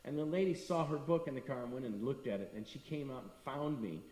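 Middle-aged male speaker, devotional talk, animated anecdotes; long reverb, voice from a distance. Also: medium pitch, quick pace. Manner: storytelling, acting out quoted people. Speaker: temple speaker. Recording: echoey hall from a distance.

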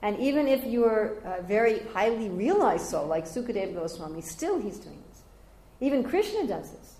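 An older woman giving a devotional scripture class, telling stories lively and raising her voice high whenever she quotes others. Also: normal speed. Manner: animated storyteller, jumping high when quoting others. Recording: roomy echoey room.

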